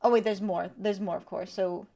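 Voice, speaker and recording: A woman streamer giving casual, animated gameplay commentary with quick asides and laughter. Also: mid-range voice, vocal fry.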